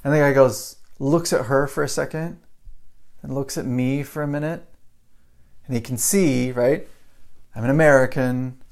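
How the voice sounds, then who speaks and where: A man in his thirties hosting a podcast, telling a story casually to camera, animated, chuckling often and tossing in rhetorical questions. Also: medium pitch, normal speed, long pauses. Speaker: podcast host.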